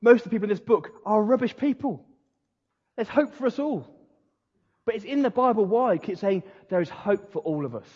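A man's voice: high voice, lively intonation, brisk, a little mellow, breathy edge. A man preaching as a Baptist pastor, earnest and conversational. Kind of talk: sermon. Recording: dull lo-fi sound in a reverberant hall.

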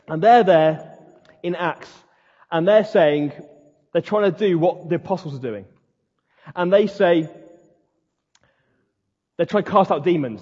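Dramatic pauses mark a pastor's passionate, emphatic preaching, delivered in a high, slightly husky voice with a darkish tone. The recording is dull and low-fidelity, with long reverberation from a large hall.

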